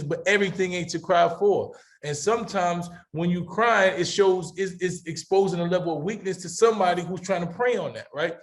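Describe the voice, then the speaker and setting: A middle-aged man hosting a panel discussion, talking with passion and emphasis and repeating words as he builds his point. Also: sits high. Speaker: talk show host.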